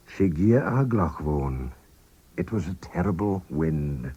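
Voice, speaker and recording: A man teaching a language lesson on the radio, explaining slowly and patiently and repeating example phrases, in a dull 1980s radio recording. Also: a bass voice, animated, dark tone, husky. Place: radio studio.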